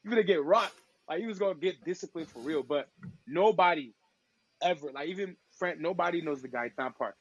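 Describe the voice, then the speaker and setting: A man from Togo, a podcast guest and DJ, telling stories in casual chat with slangy, lively talk. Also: a little high, brisk, husky, dry recording, dull audio. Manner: lively, acts out quoted voices, slangy.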